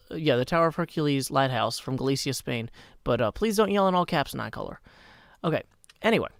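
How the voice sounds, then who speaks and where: A man in his thirties streams a building game with a voice still rough from waking up. He rambles easily, breaking off to answer chat. The sound is dry and close, with no room around it. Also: a little high, fairly bright tone, dry recording. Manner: rambling, chatty, answers chat mid-thought. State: hoarse morning voice. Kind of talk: live-streamed game commentary.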